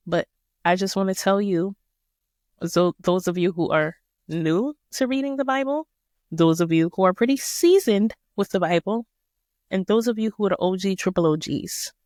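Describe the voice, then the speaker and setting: In this casual Bible study podcast, the female host speaks with fairly low pitch and a darkish tone, using slang and plenty of emphasis as she walks through a passage. The recording is dry and studio quality.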